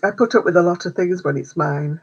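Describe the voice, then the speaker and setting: Husky chatty woman livestreaming. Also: fairly low pitch, brisk, dull audio. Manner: chatty, laughs often, answers comments. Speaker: craft livestream host. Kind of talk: casual chat with live viewers.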